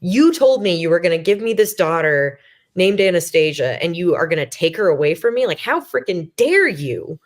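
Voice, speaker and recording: A woman's voice: on the low side, sing-song, normal speed. A woman in her thirties, a podcast guest, candidly telling a personal story with many fillers and restarts, self-deprecating, acting out her own past thoughts. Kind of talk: conversational storytelling.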